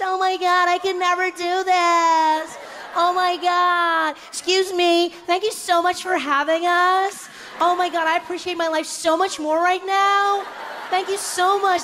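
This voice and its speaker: A man doing high gushing tourists. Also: pushed and bright, exaggerated voice. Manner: breathless, gushing exclamations. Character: gasping, gushing group of tourists. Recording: echoey venue with faint noise.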